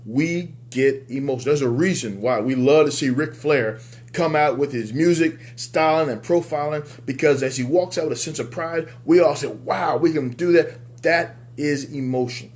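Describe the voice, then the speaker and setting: A man coaching other men in a motivational talk. He speaks emphatically like a preacher, repeats key words for effect, and jumps up in pitch on his punch lines. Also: moderate pace, darkish tone. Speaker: men's life coach and show host.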